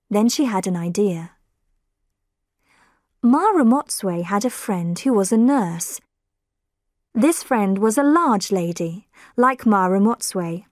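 Slow, clear woman storyteller. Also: mid-range voice, darkish tone, dry recording, clean studio sound. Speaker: narrator. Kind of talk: graded reader narration for learners.

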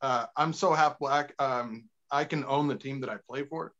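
A man's voice: medium pitch, moderate pace, fairly bright tone. A man doing a stand-up set in a small bar, laughing at his own jokes and acting out voices. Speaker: stand-up comedian. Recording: dull lo-fi club recording.

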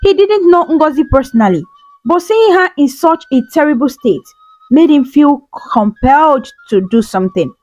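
A woman's voice: high voice, animated, normal speed, a little mellow, no echo, rough recording. A woman narrating a folktale as a storyteller, dramatic and emotive. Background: faint music.

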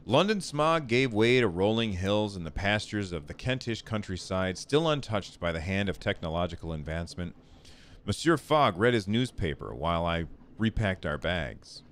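Low-voiced guy doing a let's play, reads the story out, trips over words, voice jumps around a lot. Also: sing-song, moderate pace, fairly bright tone. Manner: chatty, stumbles over words and jokes about himself. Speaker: gaming channel host. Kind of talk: let's play commentary reading a text game aloud.

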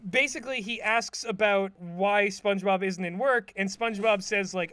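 High bright-voiced man recapping casually. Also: moderate pace, few pauses. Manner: rambling, filler-heavy storytelling. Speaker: podcast co-host. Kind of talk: casual chat recapping an episode.

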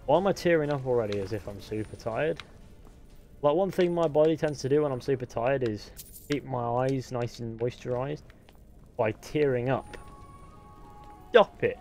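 A young man with a medium-pitched voice streams a game live, chatting casually, swearing freely, and answering his chat aloud.

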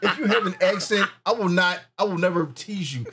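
A man co-hosting a casual movie reaction, talking loud, laughing a lot and swearing as he acts out scenes. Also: high voice, a little fast, background noise.

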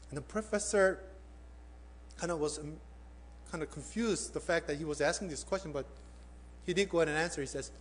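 A male pastor preaching with a fairly high voice. He builds to emphatic peaks, then drops to hushed, direct appeals. His questions go straight to the congregation. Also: brisk, pauses often, a little hiss or hum. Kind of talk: sermon with storytelling.

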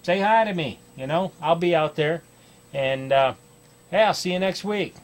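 A man's voice: on the high side, moderate pace, music in the background. An American man hosting a kids' fly fishing show, talking casually to camera in a chatty, folksy way with plenty of ums and restarts. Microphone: TV studio microphone.

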